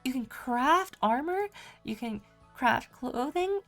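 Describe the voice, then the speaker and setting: A woman streams a game and chats casually with her viewers, reading messages aloud and listing the things she can do. Her high, lively voice is a bit bright and unhurried, with faint music in the background.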